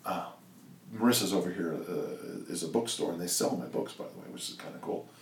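An older man telling stories in a relaxed, rambling interview, with many restarts. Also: low voice, fairly quick, recorded from a distance, a little hiss or hum. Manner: rambling, lots of restarts and "you know". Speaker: strength coach and guest. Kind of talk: casual interview storytelling. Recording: echoey room, off-mic, faint ambience.

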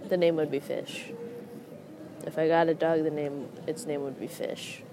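A woman's voice: deep voice, level tone, moderate pace, background noise. A young woman hosting a podcast outdoors in a park, rambling casually and joking at her own puns. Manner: rambling, self-mocking puns, laughs at own jokes. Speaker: podcast host. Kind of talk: casual monologue.

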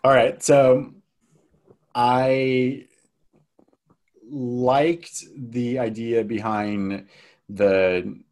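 A man in casual film-review chat who rambles and hesitates, filling gaps with ums and likes. His voice sits at a middling pitch. He talks loosely and unscripted with a friend. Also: level tone, very slow, long pauses, a little mellow. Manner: rambling, hesitant, many fillers and restarts. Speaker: podcast co-host.

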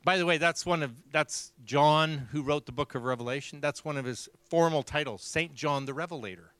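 Bright-voiced man telling a story. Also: fairly high pitch, normal speed, hardly any pauses, clean tone, no echo. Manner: animated storyteller, acts out dialogue. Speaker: preacher. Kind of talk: sermon storytelling.

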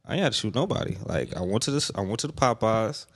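A man's voice: lowish voice, very animated, fast talker. A young man co-hosting a podcast in casual chat, laid-back and teasing as he tells a story. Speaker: podcast co-host.

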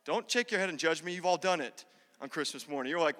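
A man's voice: sits high, expressive, fairly quick, sharp tone, long reverb tail. A man preaching a sermon in a church, telling a funny personal story and talking straight to the congregation. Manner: humorous, talks directly to the congregation. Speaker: pastor.

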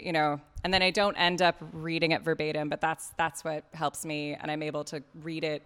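A low-pitched woman with a smooth, clear voice talks shop about podcasting. She is chatty and frank and swears casually. Her words ring out with the long reverb of a hall. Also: level tone, fairly quick, few pauses, fairly bright tone. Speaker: podcast host giving advice. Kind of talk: casual talk at a panel.

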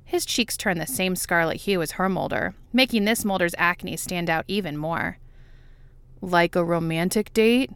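A woman narrating a fan fiction audiobook in a quiet, even, wry voice. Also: on the low side, normal speed, hardly any pauses, clean tone, no room sound.

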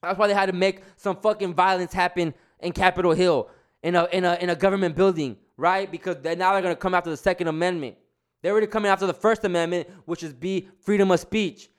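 A man's voice: high voice, fairly even intonation, fast, clear, resonant tone. A young man ranting heatedly in a casual monologue, swearing often and restarting his sentences. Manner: heated, profane, repetitive restarts. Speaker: vlogger.

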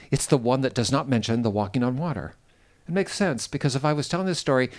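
An earnest man preaching outdoors on a boat on a lake. His pitch swings widely as he stresses words, then falls to soft, hushed passages for prayer. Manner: earnest, lively emphasis, drops to soft hushed tones. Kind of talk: outdoor devotional sermon and prayer.

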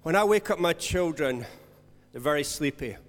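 A man preaching a sermon as pastor, earnest, swinging between loud stressed words and soft, slowed emphasis. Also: on the high side, expressive. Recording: long hall reverb.

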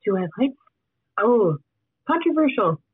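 A man with a notably high voice joins a podcast remotely over a tinny, phone-like line, the sound close and dry. He jokes in a dry, deadpan way. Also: unhurried, slightly rough, dry recording. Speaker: podcast guest. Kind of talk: casual podcast chat. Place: at home in Canada.

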